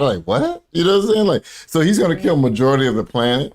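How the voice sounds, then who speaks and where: A man's voice: medium pitch, very animated, quick pace, hardly any pauses. An American man hosting a casual commentary stream, telling stories animatedly with many fillers, acting out quoted voices and swearing freely. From United States.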